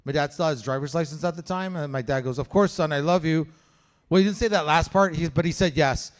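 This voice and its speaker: Stand-up comic, man from Canada, somewhat high voice, animated storyteller who swears and plays the other voices. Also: fast. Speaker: stand-up comedian. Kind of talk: stand-up comedy set. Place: comedy show venue with live audience.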